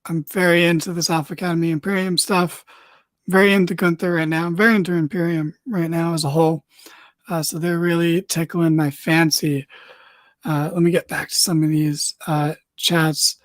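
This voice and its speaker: A man hosting a podcast, recapping wrestling in a casual, rambling, excitable way with lots of fillers. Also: fairly high pitch, moderate pace, dry recording. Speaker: podcast host.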